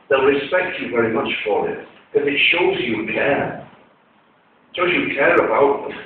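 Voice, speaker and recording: A man's voice: on the high side, slight background noise. A man giving an Islamic talk to an audience, telling conversational stories with quoted dialogue, heard in a large hall. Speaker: Islamic lecturer. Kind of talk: storytelling religious talk to an audience. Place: large echoey lecture hall. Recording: tinny, echoey hall recording from far off.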